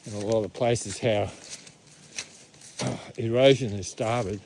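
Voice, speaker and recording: A man's voice: fairly low pitch, steady tone, slow, vocal fry, slight background noise, poor audio. An older man with an Australian accent, chatting casually as he walks through the bush, a little out of breath after a steep climb. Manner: chatty, laid-back, hushed when near wildlife. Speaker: vlogger on a bush walk. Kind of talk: casual walking commentary. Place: outdoors in the bush.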